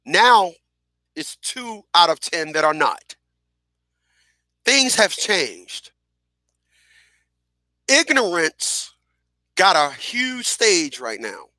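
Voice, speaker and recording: A middle-aged man hosting a radio show, telling stories in a casual, animated way, repeating phrases and acting out what people said. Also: sits high, extremely slow, long pauses, no room sound, studio quality. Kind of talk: casual storytelling monologue.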